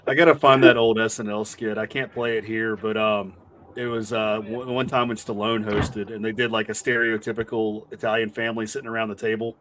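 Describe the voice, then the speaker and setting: A man in a casual podcast chat, recalling things in a low-key, hesitant way. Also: flat delivery, fairly quick, a bit bright, a little hiss or hum.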